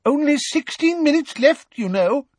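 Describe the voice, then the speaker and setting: A prim, flustered old examiner, as a man narrating puts him on, easily scandalized and fussing. The voice climbs high and sounds husky, with lively swings of pitch, in a dry, close recording. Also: a little slow, dry recording, heavily acted. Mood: anxious. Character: fussy elderly male examiner, easily scandalized.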